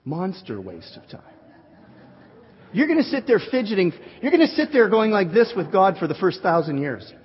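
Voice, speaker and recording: A male pastor preaching an animated sermon, joking with his congregation. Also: high voice, normal speed, husky. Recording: dull recording in a reverberant hall.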